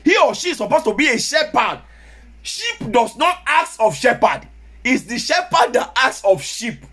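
A man with a Nigerian Yoruba accent, preaching a sermon as pastor, sometimes rising to shouts. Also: very high voice, very animated, normal speed.

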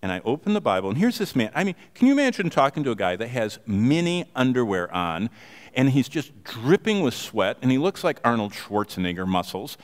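A man preaching a sermon, telling a story with animated emphasis. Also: mid-range voice, fairly quick, long reverb tail. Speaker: pastor.

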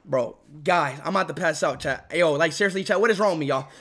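A young man livestreaming in casual chatter, repeating himself to chat, swinging between tired mumbling and loud shouts, hungry and drained. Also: a little high, quick pace. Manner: repeats phrases over and over, talks to chat.

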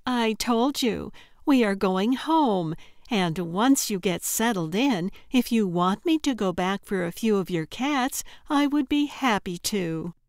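A woman narrator voicing a giggly, unhinged female kidnapper who talks in a high, bubbly, overly friendly sing-song. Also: animated, takes it slowly, a little mellow, dry recording, studio quality. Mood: sugary, chirpy. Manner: chirpy and overly friendly, tittering. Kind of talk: audiobook character voice.

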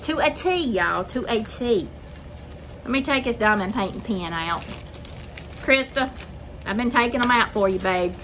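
Older lady rambling on to her viewers, bright voice, a little high, faint hiss behind her. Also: rough recording. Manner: rambling, chatty, addresses viewers as y'all. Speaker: craft video host. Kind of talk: casual chat.

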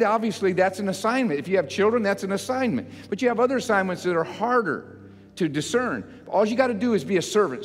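Older man as a pastor, folksy and emphatic; a fairly high voice with a long hall echo. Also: big pitch swings, fairly quick. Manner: folksy, self-mocking preaching that swells to loud emphatic repetition. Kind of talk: sermon. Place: church sanctuary. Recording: church hall reverb with faint music.

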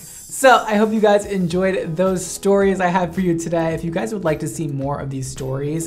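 A young man, a hairstylist, telling a storytime with dramatic, sassy asides. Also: on the high side. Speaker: hairstylist and channel host. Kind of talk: animated storytime narration.

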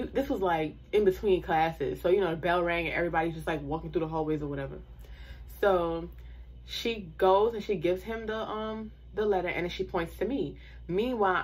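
A woman's voice: lowish voice, husky. A young woman telling a storytime to her viewers in a casual, slangy way, with asides and laughs.

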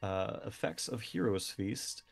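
A man's voice: fairly low pitch, animated, unhurried, gravelly, faint music behind. A man narrating a tabletop game as game master, casual, with lots of fillers and laughter.

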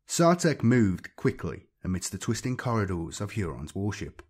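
A man narrating a science-fiction story in a measured, steady storytelling voice. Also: on the low side, slightly rough. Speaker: audiobook narrator.

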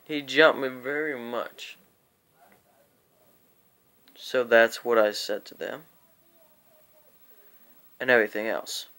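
Slow, rambling young man telling a story. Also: mid-range voice, pushed and bright, smooth. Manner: rambling, profane, with whispered acted quotes. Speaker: vlogger. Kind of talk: casual storytime vlog.

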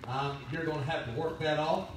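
A man's voice: a little high, fairly even intonation, a little fast, noisy background. A man preaching a sermon as pastor, telling folksy stories. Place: church sanctuary. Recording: very echoey church from a distance.

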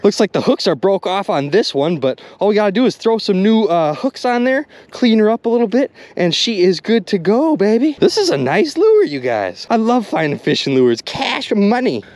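A man commenting excitedly to his viewers while magnet fishing outdoors by a river. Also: sits high, dry recording. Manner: excitable, addresses viewers as "you guys".

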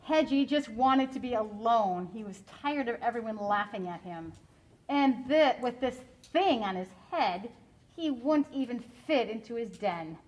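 A woman teacher reading a picture book aloud to children, animated, stopping to explain and ask questions in a classroom. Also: fairly high pitch, unhurried, poor audio.

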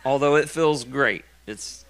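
A man's voice: mid-range voice, unhurried, fairly bright tone. A middle-aged man, a pastor preaching a sermon in a church in a folksy manner, with joking asides between emphatic points. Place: church sanctuary.

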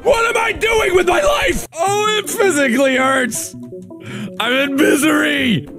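A man's voice: very high-pitched, a little slow, creaky, a bit bright, faint music behind. A man giving let's play commentary, screaming, swearing and groaning at the game in frustration. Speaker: video game player.

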